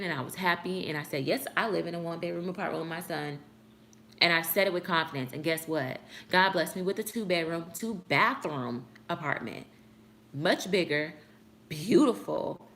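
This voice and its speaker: A woman's voice: mid-range voice, a bit bright, a little hiss or hum. A young woman vlogger chatting earnestly with her viewers at home, answering comments with a preachy edge. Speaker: YouTube vlogger. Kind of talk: casual chat answering comments. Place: apartment at home.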